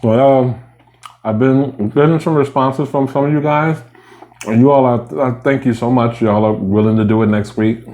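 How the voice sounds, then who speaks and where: A man's voice: medium pitch, moderate pace, warm tone. A man vlogging while he eats, chatting casually and rambling between bites. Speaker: mukbang vlogger. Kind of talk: casual chat while eating.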